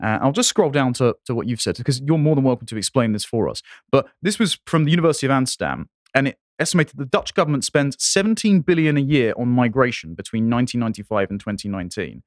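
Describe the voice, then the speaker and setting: A man's voice: medium pitch, lively intonation, quick pace, hardly any pauses, no room sound, studio quality. A man hosting a podcast, casually reading out a study and asking his guest to explain it. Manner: reads out a study and questions the guest. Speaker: podcast host. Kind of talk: casual political discussion.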